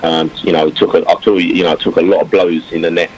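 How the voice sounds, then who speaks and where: Deep-voiced man, reflective and rambling. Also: level tone, quick pace, darkish tone, low-quality recording. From England. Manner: reflective, many fillers and restarts. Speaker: former cricketer, guest. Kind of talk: casual interview talk. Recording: faint background noise.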